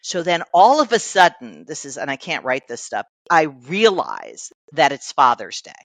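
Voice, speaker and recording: A middle-aged woman, a guest coach, telling a personal story in a casual interview, animated and laughing often. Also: low voice, moderate pace, no room sound.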